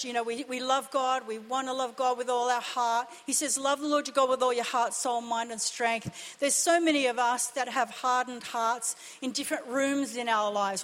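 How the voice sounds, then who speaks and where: A woman's voice: sits high, a bit bright. A woman pastor preaching a sermon with impassioned, emphatic delivery and repeated phrases. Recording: long reverb of a church hall.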